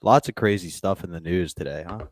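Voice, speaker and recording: A man's voice: low-pitched, brisk. A man co-hosting a casual podcast chat, answering in a laid-back, dry way. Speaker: podcast co-host.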